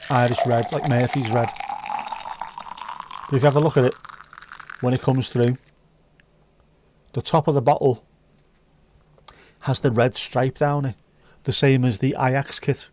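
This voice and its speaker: A man's voice: medium pitch, fairly even intonation, unhurried, pauses often, a little mellow, no echo. A man hosting a casual livestream, bantering cheekily with viewers and swearing freely. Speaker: livestream host serving virtual drinks. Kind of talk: casual chat.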